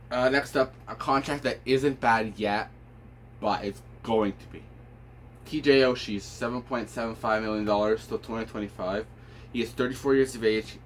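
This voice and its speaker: A man's voice: fairly low pitch, slight background noise. A man giving casual, unscripted hockey opinions, rambling with many fillers and restarts, sounding tired. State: tired, yawning. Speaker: hockey commentator.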